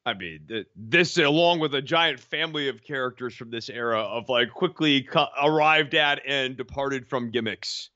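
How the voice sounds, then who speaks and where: A man's voice: medium pitch, moderate pace, hardly any pauses, bright, forceful tone, no room sound, muffled recording. A man co-hosting a podcast, giving critical, analytical takes in casual chat. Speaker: podcast co-host.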